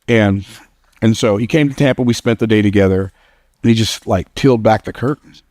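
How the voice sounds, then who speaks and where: A man's voice: lowish voice, fairly quick, darkish tone, no room sound, studio quality. A man giving a motivational speech to a live audience, telling stories in an emphatic, conversational way and laughing at his own lines. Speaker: motivational speaker.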